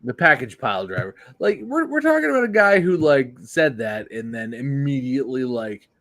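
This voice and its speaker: An excitable man rambles through a casual podcast chat at a middle pitch. He swears freely and trails off mid-thought before charging ahead again. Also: moderate pace. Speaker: podcast co-host.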